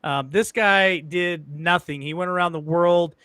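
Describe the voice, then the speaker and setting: Male host, fairly high and crisp voice, hesitant with ums, sarcastic asides. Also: measured pace, sharp tone, no room sound. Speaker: show host. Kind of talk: casual conversational talk.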